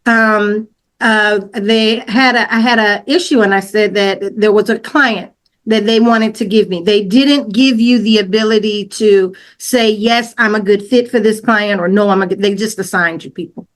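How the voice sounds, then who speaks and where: A woman telling her own story as a podcast guest, casual and slangy, acting out what she said back then with lots of fillers and restarts. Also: normal speed. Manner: animated retelling, acts out her own quoted lines louder and higher.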